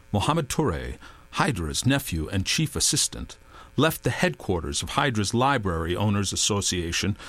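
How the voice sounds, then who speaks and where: Expressive male audiobook narrator. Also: fairly low pitch, dry recording. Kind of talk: scripted narration.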